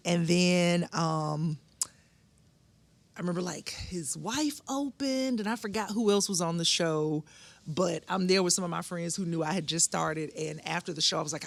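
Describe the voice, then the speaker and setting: A woman's voice: gravelly, no echo. A woman comedian, a podcast guest, telling stories in casual chat and acting out the voices of people in them. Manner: animated, acts out others' voices in big pitch jumps.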